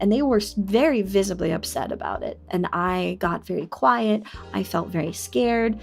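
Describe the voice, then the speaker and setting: A young woman streaming, confiding a personal story in an unhurried, middle-pitched voice. Every so often she breaks into high, excited squeals at her chat. Soft music plays faintly behind her. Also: gravelly. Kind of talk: casual livestream chat, telling a personal story.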